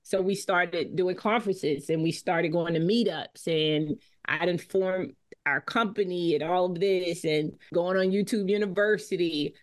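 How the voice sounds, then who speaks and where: A woman with a slightly low voice speaks as an interview guest. She talks in an emphatic, self-assured way, relaxed and casual. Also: measured pace. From Boston area.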